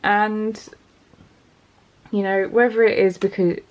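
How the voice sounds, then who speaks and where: A woman's voice: medium pitch, level tone, slow, a little mellow, muffled recording. Chatty woman giving a tarot reading. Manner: chatty and encouraging, addressing viewers directly. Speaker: tarot reader. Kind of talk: casual pick-a-card tarot reading.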